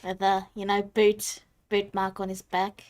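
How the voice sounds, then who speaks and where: A woman leads a tabletop session as game master at an everyday pitch. She sets scenes and prompts the players in a relaxed, chatty way. The tone stays easygoing throughout. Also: unhurried.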